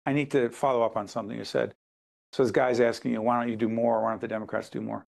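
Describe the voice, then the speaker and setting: A man's voice: mid-range voice, flat delivery, fast talker, vocal fry, darkish tone. Probing male interview host. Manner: probing, pushes with pointed follow-up questions. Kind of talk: conversational interview questions.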